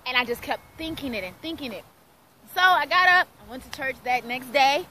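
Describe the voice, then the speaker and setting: Woman, thirties, personal testimony, earnest storytelling, bright tone, light background noise. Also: high voice, lively intonation, fairly quick, low-quality recording. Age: 30s. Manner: earnest storytelling, acting out quoted dialogue. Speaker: radio host.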